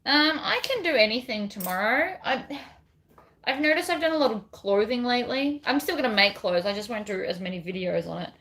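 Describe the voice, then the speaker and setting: A woman with a slightly high voice chats as she works at the sewing machine. Her talk is rambling and casual, as on a crafting livestream. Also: animated, brisk, a bit bright. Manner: chatty, reads out viewer comments, rambling. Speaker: bag pattern designer.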